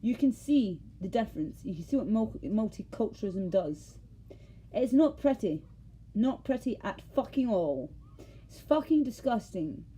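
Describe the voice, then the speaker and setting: Swearing Scottish woman with a dark voice. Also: mid-range voice, animated, moderate pace, a little hiss or hum. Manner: heated, swearing, rambling with self-interruptions. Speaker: vlogger. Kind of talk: casual ranting monologue to camera.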